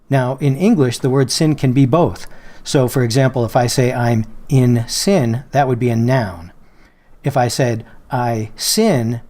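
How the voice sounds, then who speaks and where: A man calmly walking viewers through a software feature in a screen-recorded tutorial, slowing down on quoted phrases and examples. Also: mid-range voice. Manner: patient, explanatory, slows down on quoted phrases. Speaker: Bible software tutorial presenter. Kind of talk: screen-share software walkthrough.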